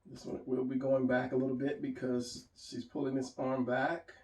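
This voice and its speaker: A man's voice: medium pitch, little pitch movement, normal speed, a little mellow. A man giving a casual drawing lesson, rambling and restarting as he draws and talks it through. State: hiccuping. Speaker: drawing teacher. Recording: roomy, mic at a distance.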